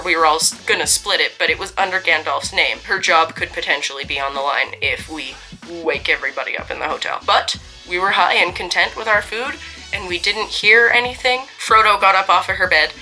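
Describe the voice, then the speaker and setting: A woman's voice: on the low side, pushed and bright, rough recording. A young woman telling a story to camera in a casual, chatty way, full of asides and self-corrections.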